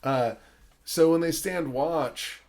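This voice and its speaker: A man's voice: a little high, slow, gravelly. A man hosting a podcast, chatting casually about a film, rambling with many fillers and frequent swearing. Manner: acts out quotes in animated voices. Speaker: podcast host.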